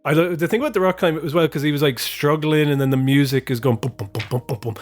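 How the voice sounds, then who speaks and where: A man's voice: fairly high pitch, quick pace, soft background music. Rambling sweary podcast man. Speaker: podcast co-host. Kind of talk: casual comedic chat.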